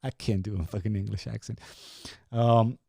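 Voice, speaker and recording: Rambling profane man, dark dry voice. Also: medium pitch, moderate pace, dry recording. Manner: rambling, profane, laughing often. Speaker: podcast host. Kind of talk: casual chat with live viewers.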